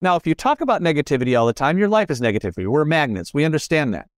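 A man's voice: on the high side, big pitch swings, rapid-fire, no echo, clean studio sound. A middle-aged man talking as a podcast guest in casual conversation, earnest and repetitive, often correcting himself mid-sentence.

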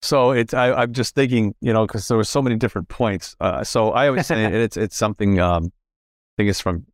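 A man's voice: fairly low pitch, a little fast, no echo, studio quality. A middle-aged man talking as a podcast guest in casual conversation, earnest and repetitive, often correcting himself mid-sentence.

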